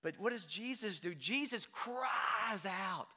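A man preaching a sermon in a conversational way, often checking in with "right?" and swinging from hushed to loud. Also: high-pitched, slow pace. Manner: conversational, frequent "right?" asides, animated swings from quiet to loud. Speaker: pastor.

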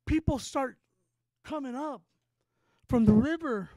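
A man from Texas preaching a sermon, telling a story with rising excitement and stammered repeats. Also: very high-pitched, slow, no echo.

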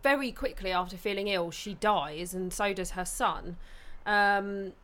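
A woman's voice: medium pitch, measured pace, a bit bright. Chatty southern English woman. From Watford, England. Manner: chatty, laughs often, swears casually. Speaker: podcast co-host. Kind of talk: casual film chat.

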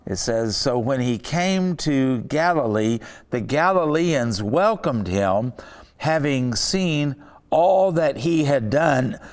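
A man preaching a sermon, unhurried and emphatic, pausing between phrases. His mid-pitched voice carries the long reverb of a large hall. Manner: slow, deliberate, emphatic delivery with pauses.

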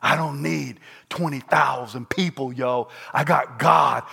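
An older man preaching a sermon, repeating his points and rising to shouted peaks. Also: mid-range voice, takes it slowly, gravelly, breathy edge. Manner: repetitive and emphatic. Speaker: pastor.

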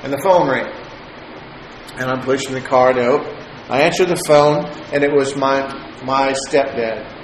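A man telling a personal story in a sermon, chatty and halting, chuckling often. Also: mid-range voice. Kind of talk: sermon testimony. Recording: roomy echo, faint noise.

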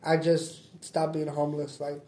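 A young man with a deep, raspy voice from smoking, talking casually in an interview, halting and repeating himself with lots of "like". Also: completely flat delivery, warm tone. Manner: halting, repeats words, says "like" often. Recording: roomy echo.

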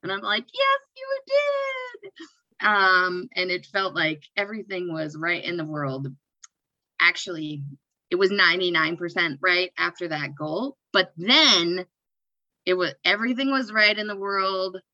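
Woman, podcast co-host, playful, lower voice, dull lo-fi sound. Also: a little slow, sharp tone, no room sound. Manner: playful, jokey, laughs at own quips. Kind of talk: casual sports podcast chat.

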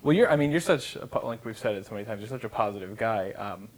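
A man's voice: fairly low pitch, animated, fast talker, poor audio. A man interviewing a guest, asking friendly, rambling questions.

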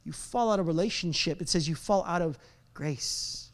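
A man with a notably high voice delivers a sermon to a church congregation. He acts out the doubts of his listeners, sinking to near-whispers and then breaking into loud, emphatic lines. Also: moderate pace. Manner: dramatic, swings from hushed whispers to loud emphatic outbursts. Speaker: pastor. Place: church service before a live congregation.

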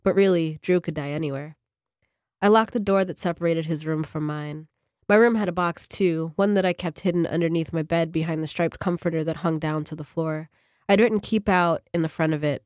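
A woman, a fiction writer, reading her own short story on a radio program in a measured, even way. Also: deep voice, dry recording, studio quality.

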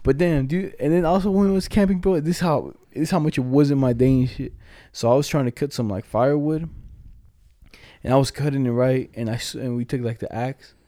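A man's voice: mid-range voice, fairly quick, warm tone, dry recording, studio quality. Slangy young man telling stories. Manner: slangy, profane, laughing storyteller. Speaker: storyteller among friends. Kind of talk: casual chat.

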